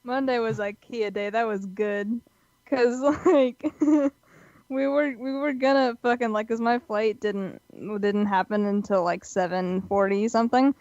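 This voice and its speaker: Chill woman chatting, bit high voice, muffled dry mic. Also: steady tone, a little slow, darkish tone, no room sound. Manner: laid-back, laughing, swearing. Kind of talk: casual chat.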